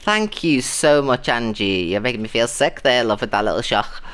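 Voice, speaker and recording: A British man live streaming, chatting casually and thanking viewers, often shrieking with excitement. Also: medium pitch, moderate pace, clear, resonant tone. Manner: animated, shrieking with delight at gifts.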